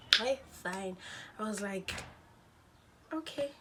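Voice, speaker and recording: A woman's voice: medium pitch, unhurried, long pauses, background noise. A young woman tells a dramatic storytime vlog, talking to her viewers as guys and mixing in slang. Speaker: vlogger.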